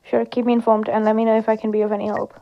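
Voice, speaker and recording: A chatty, easygoing brother who jokes to lighten things, voiced by a woman reading game text. Her voice stays gravelly and flat in melody. The recording is a little dull and lo-fi. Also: a little high, racing, slight background noise, natural voice. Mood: cheery. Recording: slightly dull lo-fi sound.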